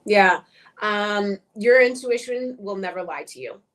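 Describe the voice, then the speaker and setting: A woman's voice: mid-range voice, unhurried. Frank, outspoken middle-aged woman. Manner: direct, frank, swears, animated when quoting. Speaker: interview guest, coach. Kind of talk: casual interview chat.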